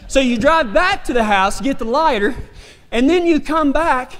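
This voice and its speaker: A man preaches in a high, light voice, spinning a folksy yarn with a country drawl. His words ring out with a long reverb, like a big church hall. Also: expressive, normal speed, fairly bright tone. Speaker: pastor. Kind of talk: sermon with humorous storytelling.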